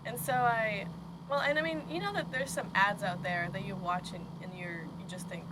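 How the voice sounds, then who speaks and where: A young woman from Russia, a student guest on a campus radio show, chatting in an upbeat way with quick laughs. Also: mid-range voice. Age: young adult. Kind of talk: casual radio interview. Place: college radio studio. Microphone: handheld recorder. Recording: loud background noise.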